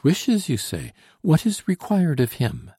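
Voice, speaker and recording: A man's voice: on the high side, huge pitch swings, measured pace, warm tone, husky, dry recording, clean studio sound, pitched above the performer's own voice, heavily acted. A man voicing an anxious, devoted young woman in an audiobook, eager and pleading. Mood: urgent. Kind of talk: audiobook character reading.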